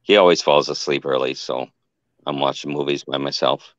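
A very deep-voiced man tells his story in a loose, rambling way, backing up to fix details as he goes. The sound is dry and a little dull, like lo-fi call audio with no room echo. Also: steady tone, moderate pace, a bit bright. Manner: rambling, restarts and self-corrections. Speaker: guest telling an encounter. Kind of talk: casual storytelling.

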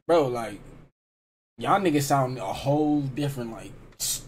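Californian male reaction host, loose slangy chatter, slightly high-pitched, faint ambience behind. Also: animated, moderate pace, slight background noise. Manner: rambling, slangy, repeats "like" and "you know what I'm saying". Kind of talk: casual music reaction commentary.

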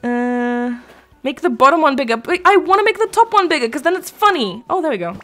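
A woman's voice: high voice, animated, brisk, sharp tone, faint music behind. Chatty woman streaming a game. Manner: rambling, chatty, laughs often, answers chat. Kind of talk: casual live-stream chat.

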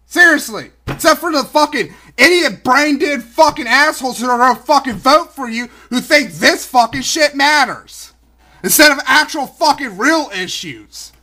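A man with a very high voice and a sharp, tense edge, ranting heatedly and sarcastically. He swears constantly and speaks as a video blogger attacking what he hears. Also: expressive, normal speed. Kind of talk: angry political rant.

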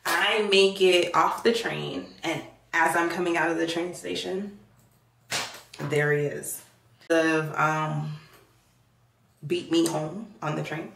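A young woman with a Jamaican accent, chatting casually to her viewers, with a low, gravelly voice. She talks at an unhurried pace and acts out the voices in her story. The room around her is echoey. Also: steady tone, fairly bright tone, slight background noise. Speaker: vlogger.

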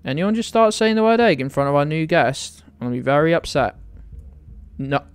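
A man's voice: fairly high pitch, animated, a little fast, clear, resonant tone. A young British man streaming a game live, teasing his chat with playful indignation and mock outrage. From United Kingdom.

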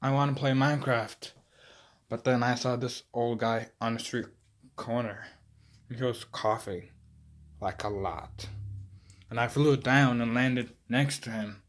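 A man's voice: mid-range voice, fairly even intonation, slow pace. A young man performing a comic monologue as a lazy, sarcastic teenage boy superhero who sighs often. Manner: sarcastic, exasperated, sighing. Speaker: actor playing a teen superhero.

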